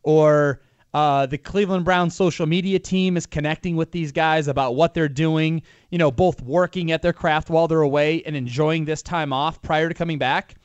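A man's voice: fairly high pitch, fairly even intonation, moderate pace, smooth, dry recording, lo-fi sound. A man co-hosting a sports talk show, analyzing a football team in a rambling, opinionated way with frequent restarts. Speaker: sports radio co-host.

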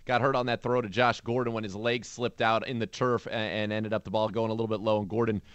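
A man hosting a sports talk radio show, recapping plays and news in a brisk, informative way. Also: on the low side, flat delivery, a bit bright, smooth, dry recording.

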